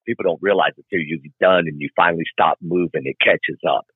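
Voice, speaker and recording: A middle-aged man who is a guest on a podcast, telling his stories in an animated, colloquial way and acting out scenes, heard over a tinny, phone-like remote line. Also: low-pitched, brisk, husky, no echo. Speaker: guest, long-distance motorcycle rider. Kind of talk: podcast interview storytelling.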